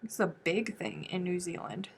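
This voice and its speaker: A woman's voice: fairly low pitch, fairly even intonation, moderate pace, slightly rough. A woman from the United States hosting a crochet livestream, chatting casually and thinking aloud as she answers viewer comments. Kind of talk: casual livestream chat while crafting.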